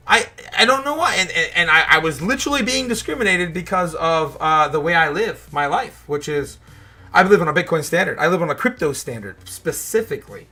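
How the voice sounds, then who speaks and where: A man's voice: a little high, expressive, a little fast, pushed and bright. A man hosting a crypto show, talking in a frustrated, rambling rant full of swearing. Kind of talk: casual livestream rant.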